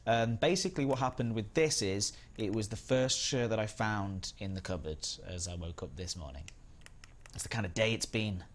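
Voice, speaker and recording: A man's voice: fairly low pitch, moderate pace, slight background noise. Chatty young man streaming a game. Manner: chatty, greets viewers by name, upbeat. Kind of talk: casual live-stream chat.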